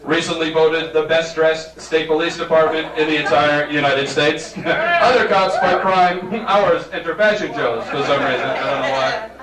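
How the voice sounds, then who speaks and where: In a small comedy club, a stand-up comedian with a slightly high voice delivers a wry, self-mocking set at a moderate pace, chuckling through his lines. The recording is roomy and distant, with the crowd laughing.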